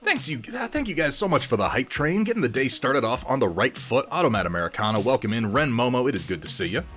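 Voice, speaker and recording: Rambling, swearing livestream host. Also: male voice, mid-range voice, big pitch swings, fast, fairly bright tone, soft background music. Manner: rambling, chatty, laughs often, swears freely. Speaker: livestream host painting miniatures. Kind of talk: casual livestream chat.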